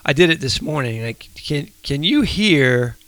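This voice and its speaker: A man co-hosting a faith podcast, asking earnest, probing questions at an unhurried pace. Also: a little high, big pitch swings, a bit bright, no room sound. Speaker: podcast co-host. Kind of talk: casual faith podcast chat.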